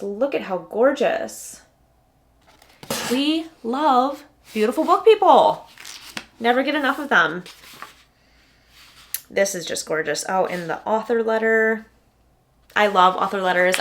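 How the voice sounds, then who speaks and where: A woman's voice: mid-range voice, a bit bright. A young adult woman booktuber in casual unboxing chat, gushing and chatty with lots of "like"s.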